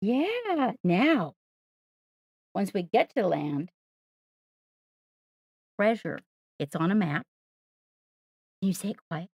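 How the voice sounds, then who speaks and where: A woman's voice: mid-range voice, big pitch swings, takes it slowly, long pauses, darkish tone, slightly rough, no room sound, clean studio sound. A woman hosting a live stream, coaxing and praising her pet in playful sing-song talk. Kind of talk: live-streamed casual chat.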